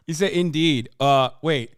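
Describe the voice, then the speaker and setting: A man's voice: fairly high pitch, smooth, no room sound, studio quality. Sarcastic, profane young male streamer. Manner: sarcastic, profane, bursts of loud laughter. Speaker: streamer reacting to clips. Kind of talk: casual livestream commentary.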